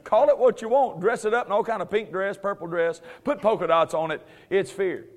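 A man with a high voice teaches scripture in a relaxed, conversational way. He chuckles often and uses playful sarcasm, then drives each point home with firm emphasis. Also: fairly quick. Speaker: preacher.

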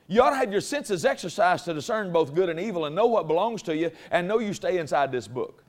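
A man's voice: sits high, animated, fast talker. A man preaching a sermon to a congregation in a folksy, conversational way that builds in force. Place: church before a congregation.

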